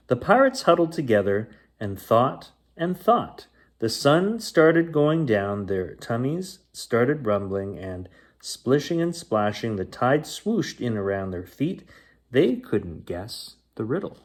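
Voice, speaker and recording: A man reading a picture book aloud as a bedtime story, with an expressive delivery. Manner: slow, expressive reading with lively pitch.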